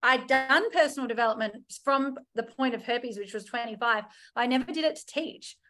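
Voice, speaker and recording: A woman's voice: a little high, moderate pace. A woman in her thirties, a podcast guest telling her personal story candidly and acting out her own past thoughts. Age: 30s. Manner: animated, acts out her own past thoughts in quoted voices.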